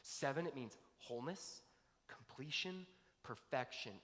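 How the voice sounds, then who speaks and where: A pastor preaching a sermon, piling up long lists with mounting emphasis. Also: male voice, mid-range voice, expressive, moderate pace, fairly bright tone. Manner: emphatic, building intensity through long lists. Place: church sanctuary. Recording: long hall reverb.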